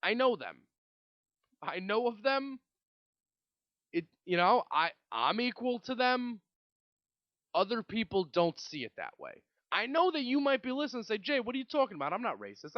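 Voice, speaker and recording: A man's voice: very high voice, sing-song, unhurried, dry recording, muffled recording. A young man from Brooklyn, hosting a solo podcast in a rambling, swearing rant full of restarts. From Brooklyn, New York. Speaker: podcast host. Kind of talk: casual solo podcast monologue.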